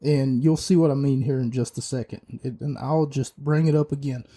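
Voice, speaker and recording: A man's voice: medium pitch, fairly even intonation, normal speed, mellow. A man hosting a podcast, giving an opinionated, rambling wrestling review with many fillers and restarts. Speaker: podcast host.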